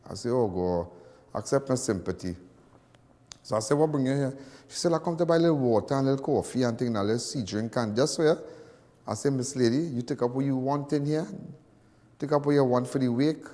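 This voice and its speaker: A man's voice: medium pitch, brisk, dark tone, long reverb tail. A man with a Trinidadian accent hosting a live call-in crime talk show, rambling and folksy and repeating himself as he talks. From Trinidad and Tobago.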